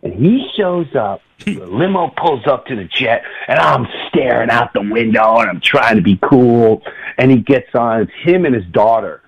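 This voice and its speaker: Lively middle-aged male radio host. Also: mid-range voice, normal speed, breathy edge, lo-fi sound. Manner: animated, laughs often, does voices in anecdotes. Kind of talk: casual storytelling.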